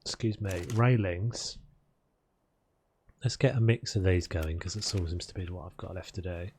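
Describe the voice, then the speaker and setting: A man's voice: low-pitched, fairly even intonation, normal speed, a little mellow, a little hiss or hum. A man streaming a video game, chatting casually and rambling between topics as he builds. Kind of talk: casual chat while playing.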